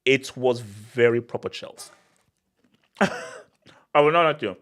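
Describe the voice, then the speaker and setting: A man hosts a casual live Q&A, talking loosely and breaking into laughter now and then. His voice sits at an ordinary middle pitch and he often starts a phrase over before finishing it. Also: slow pace. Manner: animated, repetitive restarts, laughs often. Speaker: football channel host.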